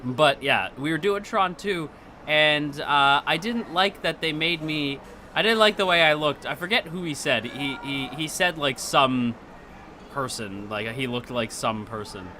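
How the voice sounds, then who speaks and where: A man streaming casual chat, excitable and quick to laugh, often restarting his sentences. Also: fairly high pitch, a little hiss or hum.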